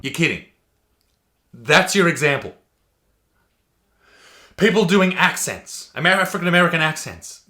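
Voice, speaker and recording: A man's voice: fairly high pitch, lively intonation, measured pace, long pauses, bright, forceful tone. A man, a comedian giving profane, sarcastic ranting commentary.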